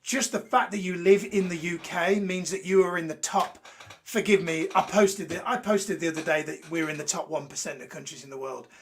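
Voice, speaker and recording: A man from Birmingham, England, hosts a live motivational show, talking off the cuff to a live chat. His voice sits high and brisk, with slight background noise. He's blunt and ranty, swears freely and jokes with viewers.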